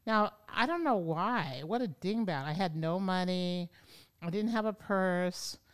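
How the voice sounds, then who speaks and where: A woman yoga teacher telling stories as an interview guest, animated and acting out the voices of people she quotes. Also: lowish voice, unhurried, smooth. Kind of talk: storytelling in an interview. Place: podcast studio.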